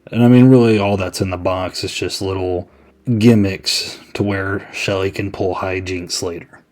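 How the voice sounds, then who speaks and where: Man, podcast host, casual movie review, chatty, rambling, deep voice. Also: steady tone, normal speed, darkish tone. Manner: chatty and rambling, with many "I mean"s.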